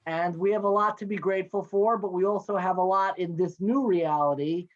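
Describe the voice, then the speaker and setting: A man's voice: sits high, fairly even intonation. A man in his thirties talking in a casual, playful way as a guest, joining by video call from his home office. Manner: chatty, playful, quick with jokes. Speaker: guest, NCSY education director. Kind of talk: casual interview chat. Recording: dull lo-fi video call audio.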